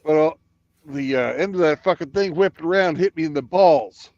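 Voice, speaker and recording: A man's voice: on the high side, moderate pace, darkish tone. A man in casual chat from his truck's sleeper bunk, laid-back and swearing freely, over lo-fi call audio. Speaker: truck driver on a livestream call.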